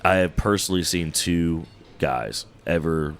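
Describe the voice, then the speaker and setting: A man's voice: sits low, measured pace, a little hiss or hum. A man from Texas, chatting as a podcast guest, telling laid-back stories and laughing often. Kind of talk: casual podcast chat.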